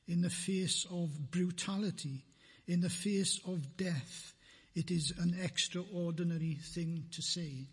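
A man preaching a sermon in a church, slow and deliberate, repeating phrases for emphasis, with a husky voice. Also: sits high, fairly even intonation, long reverb tail.

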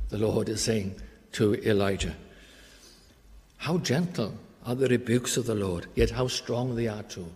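A man preaching a sermon in an earnest, emphatic way, slowing down to stress key phrases. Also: lowish voice, fairly even intonation, darkish tone, big-room sound.

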